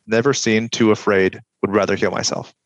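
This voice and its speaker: A young man chatting on a podcast with dry, sardonic deadpan humor. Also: fairly low pitch, brisk, dry recording, dull audio. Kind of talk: casual chat.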